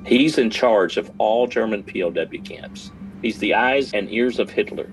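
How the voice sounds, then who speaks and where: A man recounting his father's wartime ordeal in an earnest, dramatic documentary interview, pausing for effect. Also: on the low side, soft background music, low-quality recording. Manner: earnest, dramatic retelling with pauses. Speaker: son recounting his father's war story.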